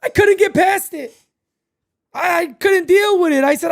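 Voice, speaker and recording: A woman hosting a live baseball watch-party stream, chatting casually and profanely, dropping into low mutters between bursts of energy. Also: a little slow, creaky.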